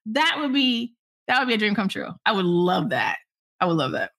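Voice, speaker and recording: A woman journalist in an interview, telling animated stories of meeting famous people, laughing and acting out what was said. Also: medium pitch, moderate pace, creaky. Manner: animated, laughing, acts out quotes. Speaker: entertainment journalist. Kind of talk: casual interview storytelling.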